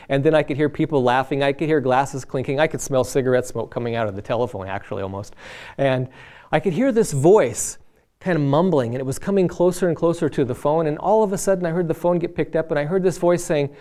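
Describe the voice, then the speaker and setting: A man's voice: a little high, fairly quick, warm tone. A man sharing a personal faith testimony from the pulpit. He talks in an earnest, conversational way and slips into the voices of the people he quotes. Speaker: lay preacher.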